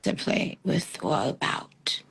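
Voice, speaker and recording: A woman hosting a casual live stream chat, speaking slowly and deliberately in a sarcastic, teasing way. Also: background noise. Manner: slow, deliberate, drawn-out speech.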